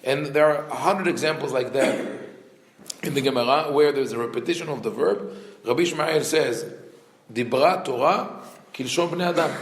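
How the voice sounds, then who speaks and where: Gravelly rabbi teaching in an echoey room. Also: male voice, on the high side. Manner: animated, asks rhetorical questions, frequent restarts. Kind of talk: Torah class lecture.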